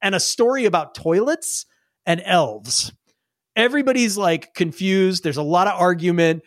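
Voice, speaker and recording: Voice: mid-range voice, expressive, normal speed, no echo, studio quality. A game master narrating a tabletop game, rambling and often laughing.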